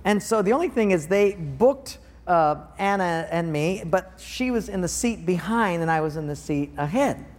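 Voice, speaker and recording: An older man preaching a sermon as pastor, animated, acting out everyday scenes in playful voices. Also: high-pitched, moderate pace, hardly any pauses. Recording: reverberant hall.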